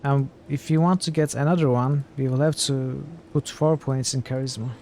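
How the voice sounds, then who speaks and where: A man's voice: medium pitch, normal speed, a little hiss or hum. A male streamer giving casual, musing let's-play commentary at his computer. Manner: relaxed, musing, laughs easily. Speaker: game streamer.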